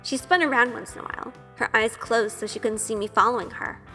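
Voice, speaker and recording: A shy, nervous young woman tells her story in an earnest inner monologue, often questioning herself. Her voice sits a little high and carries a long reverb, with soft music underneath. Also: fairly quick. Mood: self-conscious. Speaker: narrator. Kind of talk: first-person audio drama narration.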